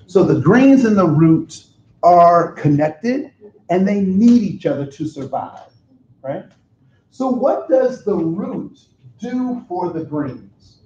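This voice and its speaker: A man runs a training workshop in a loose, chatty way, with jokes and questions for the audience. His voice sits a bit high. The recording is roomy and dull, with faint noise underneath. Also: very animated, takes it slowly, dark tone. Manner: conversational, joking, asks the audience questions. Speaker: cultural competence trainer. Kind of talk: interactive workshop talk.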